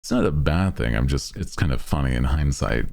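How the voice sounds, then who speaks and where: A man's voice: expressive, brisk, gravelly, a little mellow. A young man streaming, chatting casually with viewers in a laid-back, rambling way, laughing often. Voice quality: very deep.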